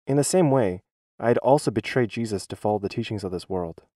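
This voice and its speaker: A man voicing a schoolteacher's church testimony as a dubbed voice-over, in an earnest, measured reading. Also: on the low side, lively intonation, warm tone, no room sound, studio quality.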